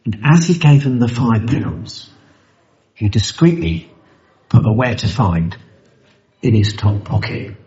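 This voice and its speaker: A man's voice: mid-range voice, sing-song, takes it slowly, long pauses, mellow. A man tells a story with a lot of movement in his voice. He is blunt, he swears, and he jokes as he talks. The live recording sounds a little dull and lo-fi. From London, UK. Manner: swearing, blunt and joking, acts out the voices of others. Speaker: recovery meeting speaker. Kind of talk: personal storytelling share. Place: convention hall.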